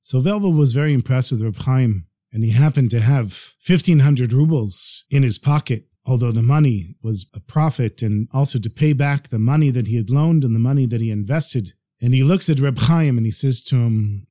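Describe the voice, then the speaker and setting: A male storyteller telling a tale with lively expression, his voice mellow and dark. He sounds close to the mic in a dry space with no echo. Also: medium pitch, moderate pace, hardly any pauses. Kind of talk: storytelling podcast narration.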